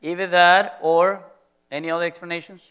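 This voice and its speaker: A man's voice: sits high, flat delivery, fairly quick, a bit bright, slight background noise. A middle-aged man with a Venezuelan Spanish accent, a business school professor giving a playful, teasing lecture to students in an auditorium.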